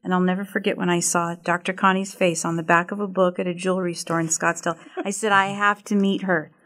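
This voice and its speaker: A woman talks in a low, fairly flat voice. She speaks in a heartfelt, sincere way as a guest in a relaxed group talk. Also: quick pace. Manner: heartfelt, faith-centered.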